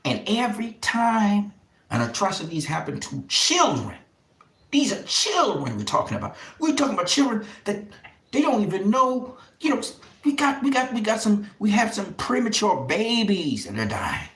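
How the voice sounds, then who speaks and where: Male boxing channel host, impassioned to-camera rant, repetitive vows, swings into harsh whispers, lively pitch. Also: normal speed, roomy sound. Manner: fervent, emphatic, repeats vows, drops to harsh whispers.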